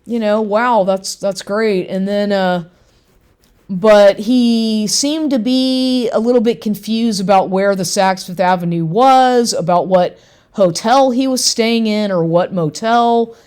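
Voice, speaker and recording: A woman's voice: mid-range voice, slow pace, smooth. Woman venting about a lying ex. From Texas. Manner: animated, quotes people, swears, repeats herself; acts out both sides of a conversation. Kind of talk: casual storytelling rant.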